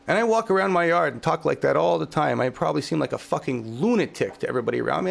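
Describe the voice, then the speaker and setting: A man's voice: mid-range voice, expressive, fairly quick, vocal fry. A male show host delivering a heated political podcast rant, swearing heavily, fervent and exasperated.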